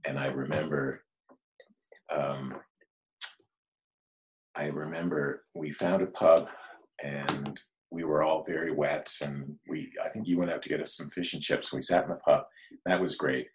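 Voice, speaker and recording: A man recalling a long walk, halting and thoughtful. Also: very deep voice, steady tone, rough recording. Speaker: guest. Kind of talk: casual recollection.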